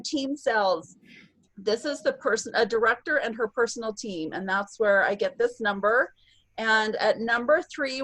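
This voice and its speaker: A bubbly woman hosts a virtual team meeting over a video call, cheering on her team between announcements. Her voice sits a little high, and the sound is close and dry. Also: fairly bright tone, dry recording, rough recording. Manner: bubbly, cheers and whoops often. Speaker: sales team leader hosting a virtual meeting. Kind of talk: upbeat online meeting announcements.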